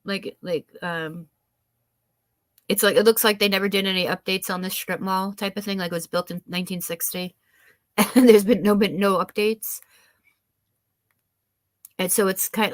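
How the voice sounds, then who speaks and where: A woman's voice: on the low side, dry recording. Rambling woman chatting on a live stream. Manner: rambling, many fillers and restarts. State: slightly stuffy nose. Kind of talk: casual chat.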